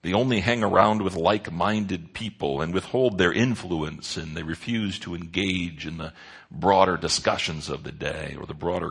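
A man's voice: deep voice, creaky, a bit bright, husky. A man preaching a sermon in an earnest way, stressing key words with rises and drops. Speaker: pastor.

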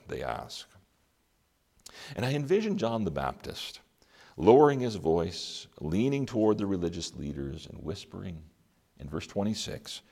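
A man preaching an Advent sermon, reading scripture aloud and asking the listeners rhetorical questions, with dramatic pauses. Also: low-pitched, very animated, gravelly, dark tone, husky.

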